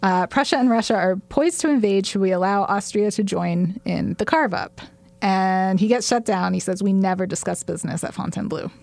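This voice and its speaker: Woman co-host, mid pitch, lively recap storyteller, dry close-mic sound. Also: brisk, creaky, no echo. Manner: animated storyteller, acts out lines, laughs often. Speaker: podcast co-host. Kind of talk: casual recap chat.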